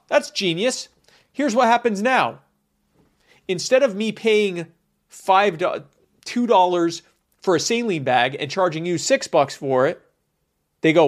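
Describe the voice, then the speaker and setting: A man's voice: high voice, lively intonation, measured pace, pauses often. A man from the United States giving a sarcastic, emphatic opinion monologue, with many fillers.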